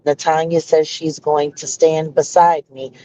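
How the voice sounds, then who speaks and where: A woman's voice: sits low, little pitch movement, unhurried, warm tone, a little hiss or hum. A woman speaking earnestly and insistently on a livestream, laying out her side of events. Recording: dull lo-fi stream audio.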